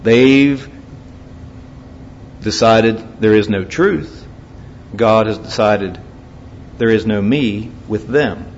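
A male preacher delivering a sermon, swinging from loud, emphatic scripture reading to quiet, grave warnings. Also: lowish voice, slow pace, long pauses, a little hiss or hum. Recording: dull lo-fi recording.

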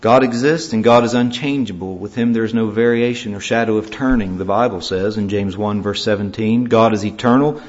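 A male preacher delivering a sermon, swinging from loud, emphatic scripture reading to quiet, grave warnings. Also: fairly low pitch, fairly quick, hardly any pauses. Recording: dull lo-fi recording.

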